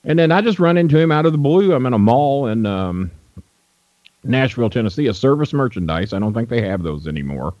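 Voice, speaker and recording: A man's voice: mid-range voice, very animated, brisk, a little mellow, no room sound, highs cut off. A man from Louisville telling rambling, profane stories as a guest on an interview show. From Louisville, Kentucky. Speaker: guest, wrestling manager. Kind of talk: casual interview storytelling.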